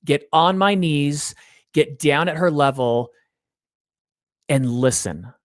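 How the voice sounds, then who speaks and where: A middle-aged man giving an interview, telling stories in an earnest, animated way and dropping low to make a point. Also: takes it slowly, no echo, clean studio sound. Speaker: interview guest, parenting author.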